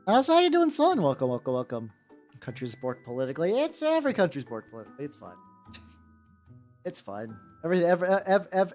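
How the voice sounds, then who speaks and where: A male streamer rambles and jokes with his viewers while painting, his voice swinging up and down in a lively, animated way. He talks loosely, swears freely and wanders off topic. Soft music plays quietly behind him. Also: on the high side. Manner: rambling and joking, often swearing. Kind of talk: casual live-stream chat. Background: faint background music.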